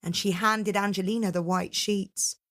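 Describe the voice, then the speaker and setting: A woman storyteller telling a fairytale to children in a dramatic, expressive way. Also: mid-range voice. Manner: dramatic, unhurried, with voiced characters.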